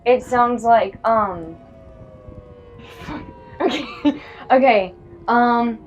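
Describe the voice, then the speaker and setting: A woman's voice: fairly high pitch, very slow, muffled recording, faint music behind. A woman player in a tabletop game, giggly and playful.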